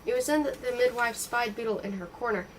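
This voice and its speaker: A woman reading a novel aloud in a steady, expressive storytelling voice. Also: on the high side, a little fast, distant mic, slight background noise, low-quality recording. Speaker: audiobook reader.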